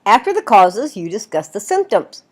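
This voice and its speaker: A woman's voice: mid-range voice, normal speed, breathy edge. A woman teaching a writing class in a recorded video lecture, explaining at length and checking in with "right?" as she goes. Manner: lively, explanatory, asks "right?" often. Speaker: writing instructor.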